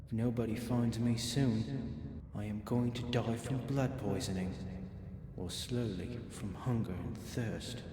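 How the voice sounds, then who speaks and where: A man voicing a trapped, injured miner reading his last diary entries in a slow, grim, resigned way. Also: fairly low pitch, fairly even intonation, a crowd in the background, lightly acted. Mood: grim, despairing. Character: dying trapped male miner writing a diary. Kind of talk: voiced game diary reading. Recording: roomy game audio with long reverb and music.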